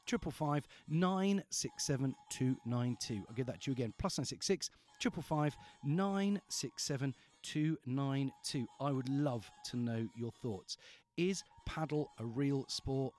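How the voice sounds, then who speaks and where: A man's voice: medium pitch, measured pace, a little mellow. A man hosting a live evening radio call-in show, upbeat and playful, repeating phrases for emphasis, speaking into a studio microphone. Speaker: radio host.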